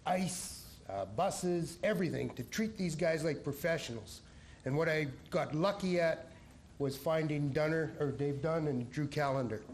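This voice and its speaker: A former head coach speaks at an awards ceremony in a banquet hall and rambles through a team story. His voice sits a bit high, with faint noise in the background. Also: animated, measured pace, darkish tone. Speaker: head coach giving an induction speech.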